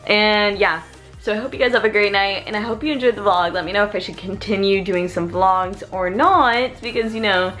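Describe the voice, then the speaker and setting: A woman's voice: mid-range voice, fairly quick, a bit bright, faint music behind. Bubbly young woman chatting to her vlog viewers. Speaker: vlogger. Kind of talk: casual vlog chat. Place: at home.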